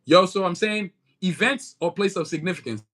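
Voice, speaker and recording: Casting: male livestream host, American accent with a Nigerian edge, high and forceful voice, loose slangy rambling. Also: lively intonation, brisk. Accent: American with a Nigerian touch. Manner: slangy, rambling, keeps saying "you know what I'm saying". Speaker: livestream host and comic creator. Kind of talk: casual livestream chat.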